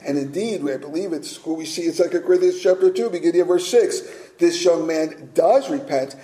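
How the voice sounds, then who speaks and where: A man's voice: fairly high pitch, fairly quick, mellow, roomy sound, low-quality recording. A man preaching a sermon as pastor, earnest and direct, asking his listeners rhetorical questions.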